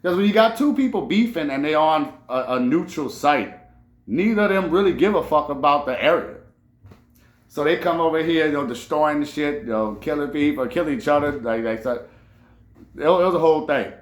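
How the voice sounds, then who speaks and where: In an echoey room, a man from New Orleans with a fairly high-pitched voice speaks briskly. He hosts a casual commentary monologue, animated and swearing freely, rambling along and restarting his sentences.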